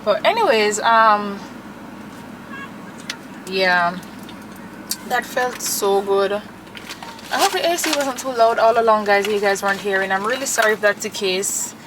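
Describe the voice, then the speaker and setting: A woman's voice: mid-range voice, measured pace, pauses often, background noise. A young woman, chatting and gushing to camera as a vlogger from her car. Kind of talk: casual chat to camera.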